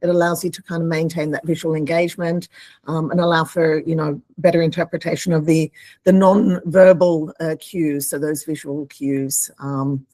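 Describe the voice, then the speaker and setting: A woman's voice: low voice, steady tone, normal speed, dark tone, no echo. Woman, webinar co-host, friendly, lots of fillers, dry close sound. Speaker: webinar co-presenter. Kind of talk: live webinar presentation.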